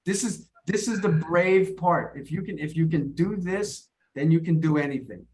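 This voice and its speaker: A man coaches an English class over a video call, encouraging and quick to repeat his words. His voice sits on the higher side for a man. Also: darkish tone. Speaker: English teacher.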